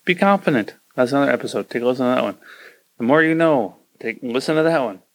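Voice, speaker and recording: A man's voice: mid-range voice, lively intonation, fast talker. A man hosting a podcast, ranting casually and acting out quoted voices as he gives advice. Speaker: podcast host.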